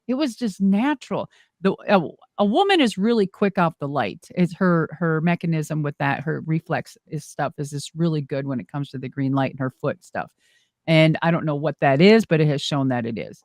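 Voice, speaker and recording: A middle-aged woman, a former wrestler and monster truck driver, telling stories in an animated, exclamatory way as an interview guest. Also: deep voice, moderate pace, no echo, clean studio sound. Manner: animated, exclamatory, acts out quoted dialogue. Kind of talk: casual storytelling interview.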